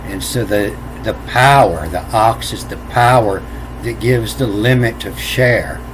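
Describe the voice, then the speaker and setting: Speaking off the cuff, this self-taught lecturer moves slowly through his explanation, frequently hesitating and repeating words before spelling letters individually. His voice has a typical male pitch. There's a faint hum in the background.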